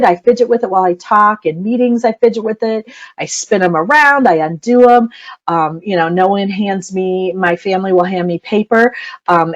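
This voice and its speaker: A middle-aged woman coaching parents in a chatty webinar talk, laughing often and saying "you know" a lot. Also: on the low side. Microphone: computer mic on video call.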